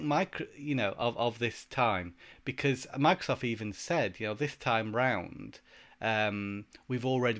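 A man's voice: medium pitch, a bit bright. A man co-hosting a podcast, talking through ideas in a casual, hesitant way with many fillers. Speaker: podcast co-host. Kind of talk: casual chat.

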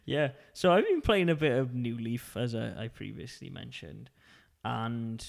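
A man's voice: mid-range voice, animated, measured pace, creaky. A man co-hosting a podcast, telling a long story in a chatty, self-mocking way. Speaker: podcast co-host. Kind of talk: casual chat.

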